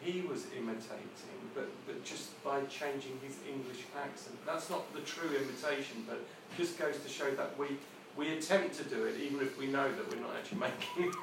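A man taking part in a casual group discussion, halting and repeating words as he gathers his thoughts. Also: medium pitch, gravelly. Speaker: discussion participant. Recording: distant, very echoey room with noise.

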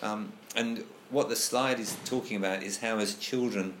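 A man with a lowish voice talks through ideas in a casual group discussion. He is thoughtful and hesitant, circling back and restarting sentences as he goes. A faint hiss sits under his voice. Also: steady tone, moderate pace, fairly bright tone.

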